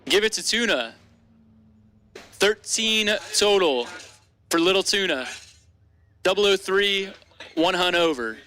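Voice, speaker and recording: Guy doing steady play-by-play at the drag strip, bright kinda high voice. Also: slow pace, pauses often, a little hiss or hum. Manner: steady play-by-play, calls times and matchups. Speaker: drag race announcer. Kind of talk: live race commentary. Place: announcer tower at a dragstrip.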